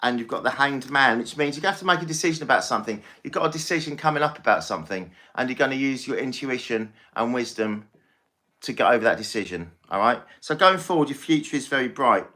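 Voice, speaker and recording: Male tarot reader on a live stream; bright tone, chatty and soothing, says things twice. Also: mid-range voice, lively intonation, fast talker. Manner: chatty, reassuring, repeats himself.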